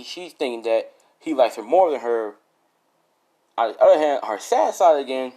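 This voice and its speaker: A man's voice: medium pitch, a little mellow. A young man casually improvising a fan story, rambling and laughing at his own jokes.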